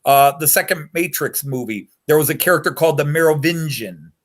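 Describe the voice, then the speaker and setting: A man's voice: on the high side, fairly quick. Rambling man ranting about history. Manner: rambling, gets worked up over history. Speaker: co-host of a hobby chat. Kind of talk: casual chat.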